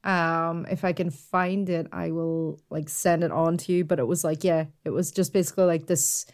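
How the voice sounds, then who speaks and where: A woman's voice: on the low side, fairly even intonation, normal speed, a little mellow. A woman co-hosting a podcast, rambling in casual chat and stacking up "like" fillers. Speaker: podcast co-host.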